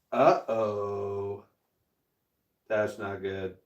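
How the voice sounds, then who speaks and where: Male stream host, mid-range voice, slow and laid-back, chatting casually while he works. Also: medium pitch, darkish tone. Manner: slow, easygoing, talks to chat while working. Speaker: livestream host. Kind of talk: casual livestream chat.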